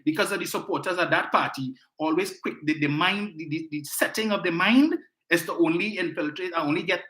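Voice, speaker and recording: A man's voice: on the high side, bright, forceful tone, reverberant, poor audio. A man with a Trinidadian accent hosting a political call-in show, talking in an indignant, emphatic way and often repeating his words. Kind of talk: political commentary.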